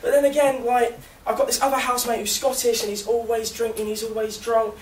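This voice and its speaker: A man's voice: very high voice, little pitch movement, a little fast. A young man from London doing a stand-up comedy set, chatty and self-mocking, often laughing at his own lines. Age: young adult. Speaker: student comedian. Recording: echoey room, distant mic, noisy.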